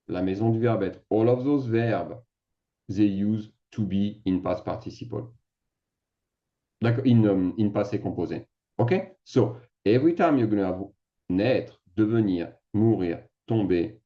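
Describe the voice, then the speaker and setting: In a dull-sounding recording, a man with a voice on the low side teaches a casual French lesson over screen share. He chats, mocks himself, and thinks aloud while typing.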